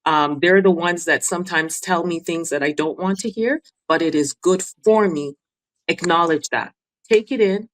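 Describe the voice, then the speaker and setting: A woman's voice: fairly low pitch, normal speed, slight background noise, low-quality recording. A woman speaking as a guest and mentor on a podcast, earnestly giving advice in short, repeated phrases. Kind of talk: casual interview chat.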